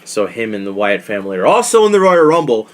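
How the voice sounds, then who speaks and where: A man hosting a casual podcast, recapping events in a rambling, profane, animated storytelling way. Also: lowish voice, fast talker. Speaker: podcast host recapping wrestling. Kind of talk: casual chat.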